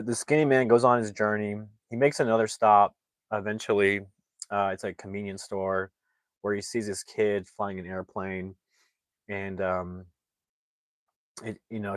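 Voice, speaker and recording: A man's voice: fairly low pitch, flat delivery, moderate pace, no echo. A man reviewing a movie, casually retelling the plot in a rambling way with lots of fillers and restarts.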